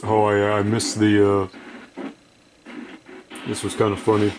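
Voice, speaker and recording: A sleep-deprived man who makes gaming videos rambles through casual gameplay commentary, cursing and putting himself down as he plays. His voice sits fairly low and stays monotone at a measured pace, with slight background noise.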